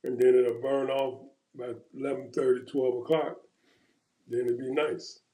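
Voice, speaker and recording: Mellow-voiced man in an echoey room. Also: mid-range voice, level tone, measured pace. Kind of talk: casual chat.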